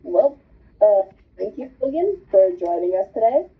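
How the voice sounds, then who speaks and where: A woman's voice: mid-range voice, big pitch swings, moderate pace, husky. A woman hosting a casual chat, bubbly and rambling. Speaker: host. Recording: tinny phone-like line.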